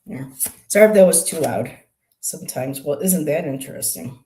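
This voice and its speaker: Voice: medium pitch, expressive, moderate pace, warm tone. A tarot reader on a live stream who explains each card in a musing, hesitant way, with many ums and restarts. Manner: explains card meanings aloud.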